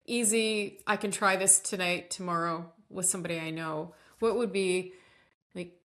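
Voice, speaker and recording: A woman's voice: mid-range voice, fairly bright tone. A woman hosting a podcast interview in a chatty conversational manner, with frequent affirmations. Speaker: podcast host.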